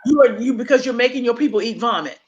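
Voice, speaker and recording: A middle-aged woman speaking as a guest on leadership, emphatic and animated, acting out bits of dialogue as she teaches. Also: a little high, quick pace, muffled recording. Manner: emphatic, acts out quoted dialogue.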